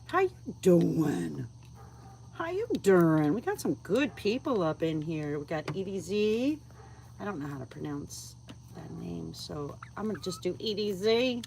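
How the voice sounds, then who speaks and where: Chatty woman, low voice. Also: darkish tone, a little hiss or hum. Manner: chatty, coos at her birds, drops to a whisper at times. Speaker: vlogger feeding backyard chickens on a livestream. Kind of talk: casual livestream chat. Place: outdoors at night by a chicken coop. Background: crickets and insects at night.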